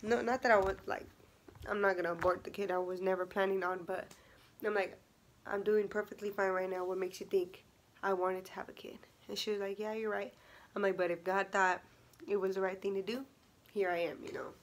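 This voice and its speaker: A woman's voice: mid-range voice, steady tone, a little fast. A young woman vlogging casually, chatty and full of fillers, acting out what people said. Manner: chatty, many fillers and laughs, acts out quotes. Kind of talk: casual storytime vlog.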